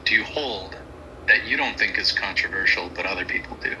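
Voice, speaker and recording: Lower-voiced man asking questions. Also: brisk, a little hiss or hum, rough recording. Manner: asks questions, laughs along. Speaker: debate caller. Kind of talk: casual debate call.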